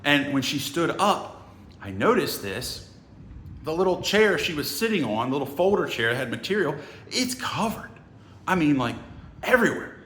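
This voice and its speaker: A middle-aged man telling a story in a bright, forceful voice. He is lively and profane and acts out the other people's lines. The room is echoey. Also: on the high side, moderate pace, slight background noise. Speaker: sales trainer telling a story. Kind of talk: casual storytelling.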